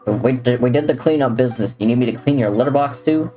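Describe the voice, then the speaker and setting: A man's voice: medium pitch, fast talker, warm tone. Chatty male streamer with faint game music. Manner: chatty, jokey, drifts between talking to chat and to the game. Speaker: livestreamer. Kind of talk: casual gameplay commentary, reading chat.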